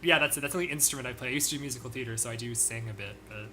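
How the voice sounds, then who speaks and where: A co-host speaking in a casual Q&A chat, with quick, self-deprecating chatter. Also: mid-range voice, pushed and bright, slight background noise. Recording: faint music in the background. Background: faint background music.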